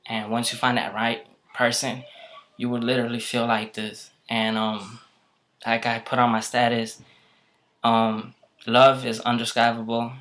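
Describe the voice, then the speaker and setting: A young man casually retelling a story, rambling with lots of fillers in a flat, even delivery. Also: medium pitch, a little slow. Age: young adult. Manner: rambling, full of "like" and "um". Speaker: vlogger telling a story.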